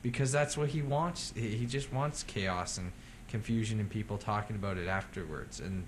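Blunt, low-voiced man giving opinions. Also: normal speed, a little hiss or hum. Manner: blunt, opinionated, swears casually. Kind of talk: casual film debate.

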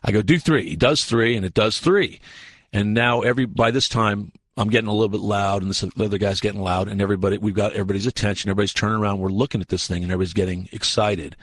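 A male researcher, guesting in a radio studio, races through a long, casual story in a lowish voice with no room sound. He's animated, acts out what people said, and uses frequent fillers and restarts.

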